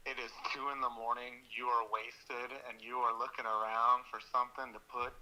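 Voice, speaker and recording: Guy calling in, middle pitch, sharp bright tone, dry teasing. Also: level tone, moderate pace, rough recording. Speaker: caller. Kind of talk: casual chat.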